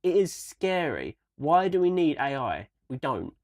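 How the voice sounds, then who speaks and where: Excitable young man, dry sound. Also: on the high side, a little slow, no room sound. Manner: swears freely, rambling and excitable. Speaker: podcast co-host. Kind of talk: casual livestream chat.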